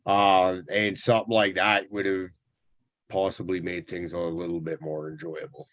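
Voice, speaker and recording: A man's voice: sits low, little pitch movement, normal speed, a bit bright, no echo, muffled recording. A man chatting casually and agreeably in a livestream conversation. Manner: easygoing, agreeable.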